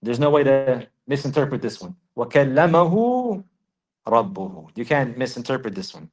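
A man giving a religious lesson, repeating key phrases for emphasis and reciting Arabic verses quickly. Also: medium pitch, a little mellow, poor audio. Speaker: Islamic teacher.

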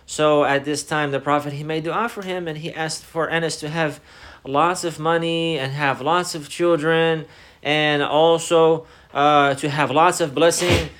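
A man's voice: on the high side, steady tone, fairly bright tone, slight background noise. A man teaching an Islamic religious lesson, repeating key phrases and weaving Arabic phrases into his English. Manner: repeats key phrases, deliberate explanatory delivery.

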